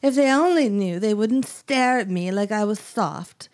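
A woman voicing a vain, menacing old woman poisoner in a soap-opera reading, with a put-on vague British accent and slow, proud, theatrical delivery. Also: deep voice, sing-song, a little mellow, no echo, voice pushed down, full character voice. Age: older.

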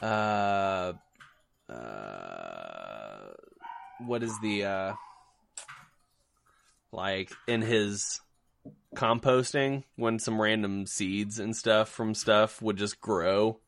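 A man's voice: fairly low pitch, animated, very slow, gravelly, pauses often. A man co-hosting a podcast in casual chat, joking loosely with many restarts and fillers. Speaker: podcast co-host.

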